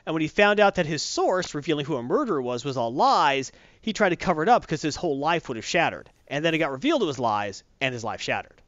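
A man's voice: on the high side, very animated, fast talker, a bit bright, no echo. A man casually reviewing comic books, sarcastic and exasperated, rambling through his opinions. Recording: dull, lo-fi, dry.

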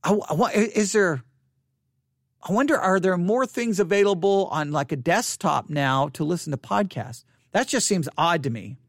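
In a solo podcast about listener statistics, the speaker uses a close studio mic, trading incredulous remarks and restarting often. The mid-range voice is expressive at a normal speed, and there's no echo.

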